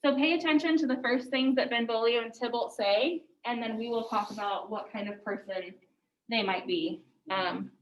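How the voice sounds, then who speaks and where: A woman's voice: on the high side, normal speed. A woman teacher explaining a text to her class in a casual lecture, often saying "like". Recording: echoey room, distant mic, muffled.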